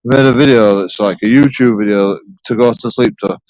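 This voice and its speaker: A man's voice: lowish voice, a little fast, darkish tone, no echo, lo-fi sound. A man rambling sarcastically through a profane solo vlog, repeating himself as he goes. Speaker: YouTube auditor.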